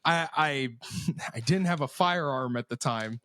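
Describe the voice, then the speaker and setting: A young man from co-hosting a podcast. He tells stories in an animated, profane way and acts out the quotes. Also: fairly high pitch, unhurried, no echo. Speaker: podcast co-host. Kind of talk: casual storytelling chat.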